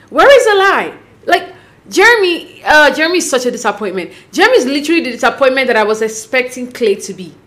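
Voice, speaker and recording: A woman giving a casual, sassy recap of a reality show, speaking expressively with sudden jumps in pitch. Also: animated, quick pace, a bit bright.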